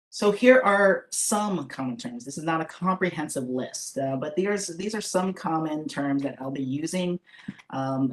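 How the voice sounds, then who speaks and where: A presenter leading a live webinar over a computer microphone, talking casually with many fillers and restarts. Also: medium pitch. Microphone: computer microphone on a video call.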